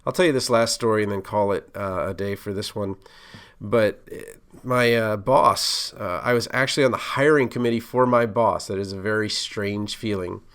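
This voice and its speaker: A man's voice: on the low side, moderate pace, a bit bright, clean tone. A middle-aged man hosting a solo podcast, talking casually with many fillers and restarts as he gives career advice. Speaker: podcast host, pharmacist.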